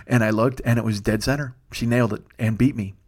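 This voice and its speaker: A middle-aged man telling a long comic story as a podcast host, animated and profane, laughing and loudly acting out the voices in it. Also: medium pitch, fast. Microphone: studio microphone.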